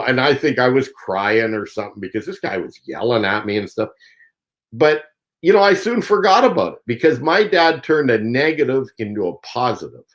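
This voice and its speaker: A man's voice: mid-range voice, rough recording. Canadian man telling a fishing story. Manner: rambling and conversational, with many fillers and restarts. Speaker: professional angler and show host. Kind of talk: casual storytelling.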